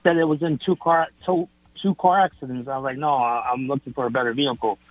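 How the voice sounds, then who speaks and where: Male phone caller, halting delivery, thin tinny line. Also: medium pitch, steady tone, no echo. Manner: halting, with many restarts. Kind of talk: telling a story on the phone.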